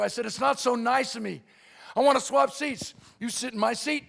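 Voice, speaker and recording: A middle-aged man delivers a keynote as a motivational speaker in a convention hall, leaning on humorous storytelling. Animated throughout, he voices the other characters in quick quotes, his own voice high for a man and edged with gravel.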